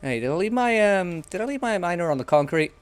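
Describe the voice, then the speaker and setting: A man's voice: high voice, big pitch swings, fast, smooth. Young guy rambling thru a game stream, jokey, swears a bit. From England. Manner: rambling, joking, swears casually. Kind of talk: casual gameplay chat.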